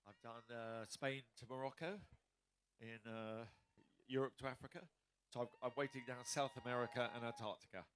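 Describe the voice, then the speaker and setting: A man interviewed moments after finishing a long ocean swim, tired, with his mouth full of salt. He answers modestly and haltingly in a mid-pitched voice. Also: steady tone, fairly bright tone. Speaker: interviewed swimmer.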